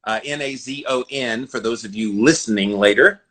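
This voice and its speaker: A Southern US man in his forties hosts a casual podcast interview. His voice is bright and forceful, and he talks fast with excitable chatter. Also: medium pitch. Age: 40s. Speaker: podcast host.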